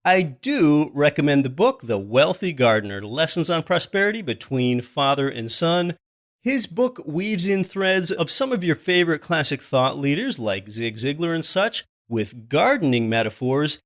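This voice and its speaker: Man hosting a podcast, fairly high voice. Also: sing-song, normal speed, fairly bright tone. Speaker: podcast host. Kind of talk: podcast interview and commentary.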